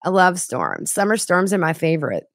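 A woman putting on the voice of a gushing, starry-eyed woman who talks excitably. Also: lowish voice, normal speed, dry recording, studio quality, exaggerated voice.

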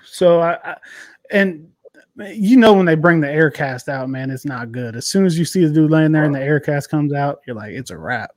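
A man in his thirties riffs on the week's games with a teasing, loose, swear-happy ease. His voice sits a little high and sounds close and dry, with no room around it. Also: moderate pace, a little mellow, no echo. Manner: joking, teasing, swears freely. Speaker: podcast co-host. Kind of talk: casual sports chat.

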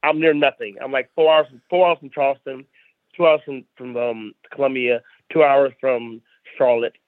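The speaker is a stand-up comedian from South Carolina chatting on a podcast as a guest, ranting emphatically and repeating phrases. His medium-pitched voice keeps a fairly even intonation and a moderate pace. The recording is dry and tinny, like a phone.

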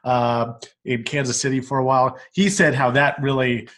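A man's voice: mid-range voice, steady tone, normal speed, fairly bright tone. A man hosting a sports podcast, chatting casually and reading an ad. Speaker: podcast host.

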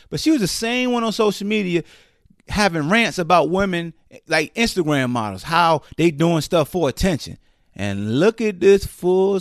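A slightly high-voiced man rants as a podcast host, incredulous and loud in turns, mocking what others say in quick put-on voices. His speech is slangy and lively, and the sound is dry and close, with no room around him. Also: no echo. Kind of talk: casual commentary rant.

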